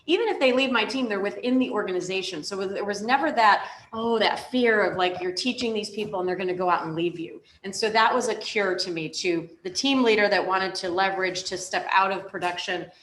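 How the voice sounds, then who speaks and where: A woman's voice: mid-range voice, a little fast, hardly any pauses, a bit bright. An emphatic woman team leader speaks on a panel, making her points with conversational energy. Her mid-range voice carries room echo, and faint noise sits behind it. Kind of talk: panel talk.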